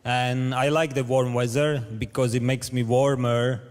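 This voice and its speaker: Halting deadpan male comic, slow. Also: mid-range voice. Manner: halting, stammering deadpan delivery. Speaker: stand-up comedian contestant. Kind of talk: stand-up comedy on a talent show stage. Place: large theatre stage. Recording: reverberant hall with background noise.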